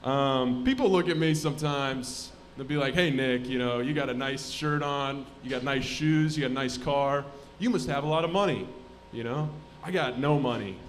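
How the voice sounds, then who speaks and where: Deadpan young man doing stand-up. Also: mid-range voice, moderate pace, hardly any pauses, slight background noise. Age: 20s. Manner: deadpan, mutters asides then bursts into shouted voices. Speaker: stand-up comedian. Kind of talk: live stand-up set. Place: comedy club stage.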